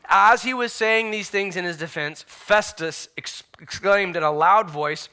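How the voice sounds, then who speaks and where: A man preaching a sermon as pastor, emphatic, swinging between loud declarations and hushed asides. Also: high-pitched, measured pace, few pauses.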